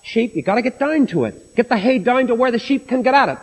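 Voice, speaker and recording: Guy preaching, lively up-and-down voice, folksy jokey stories, church hall. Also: very high voice, quick pace. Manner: folksy storytelling with humor. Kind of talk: sermon. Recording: long hall reverb.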